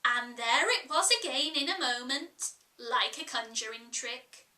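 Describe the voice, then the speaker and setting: Bright, slow, expressive woman storyteller. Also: sits high, recorded from a distance. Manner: expressive, measured. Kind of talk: reading a classic children's story aloud. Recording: echoey room, voice off-mic.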